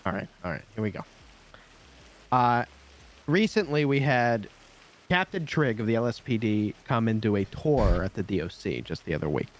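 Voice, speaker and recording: A man playing a prison guard, recounting events in character with lively detail and many fillers. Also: fairly low pitch, moderate pace. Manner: animated storyteller, lots of fillers. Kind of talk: in-character game storytelling.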